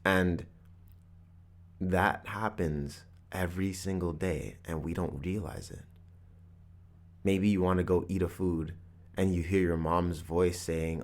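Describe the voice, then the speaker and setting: A man's voice: deep voice, steady tone, unhurried, darkish tone. A man hosting a podcast, telling a personal story in an earnest, reflective motivational monologue. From Canada. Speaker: podcast host.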